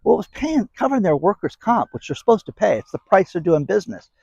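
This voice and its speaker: A man's voice: high-pitched, sing-song, fast, vocal fry, darkish tone, husky, dry recording, highs cut off. Sarcastic rambling man, dry close sound. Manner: rambling, sarcastic, talks straight to viewers. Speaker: host of an economy commentary channel. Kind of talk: casual spoken commentary.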